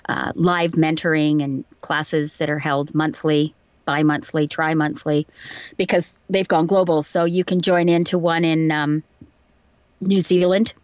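A woman's voice: low-pitched, steady tone, measured pace, dry recording, lo-fi sound. A woman voice actor chatting in an interview, telling anecdotes and laughing easily. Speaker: voice actor guest. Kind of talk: casual interview chat.

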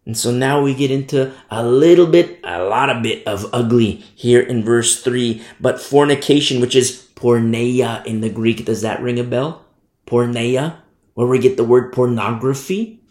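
A man's voice: medium pitch, measured pace, a little mellow. A man preaching a verse-by-verse sermon as pastor, emphatic and repeating his key phrases. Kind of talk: expository sermon. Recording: roomy echo.

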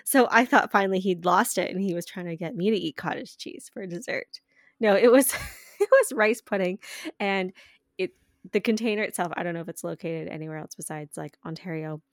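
A woman's voice: fairly low pitch, brisk, dry recording, studio quality. A woman co-hosting a podcast, telling a story in casual chat, laughing often and swearing freely. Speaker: podcast co-host.

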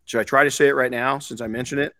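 A man's voice: mid-range voice, fairly even intonation, fast talker, sharp tone, no room sound, studio quality. A man hosting a podcast in casual chat, frank and rambling, swearing casually. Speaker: podcast host.

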